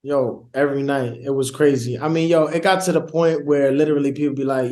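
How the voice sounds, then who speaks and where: A man with a New York accent talking in a loose, slangy way, often restarting his sentences. His voice sits fairly high for a man. It sounds like a relaxed podcast interview. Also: fast talker. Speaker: guest actor. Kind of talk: casual interview chat.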